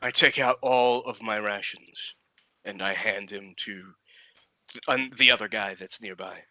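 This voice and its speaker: A man playing a character in a tabletop game, speaking in a slow, measured way. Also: on the low side, bright, forceful tone, no room sound, low-quality recording. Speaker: player.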